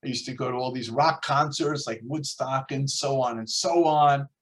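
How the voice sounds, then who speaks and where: This is an older man from the United States who teaches a Torah class to students online. He tells his stories with energy and slips into the voices of the people in them. His pitch sits in the middle range. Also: moderate pace. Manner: storytelling, lively, acts out quoted voices.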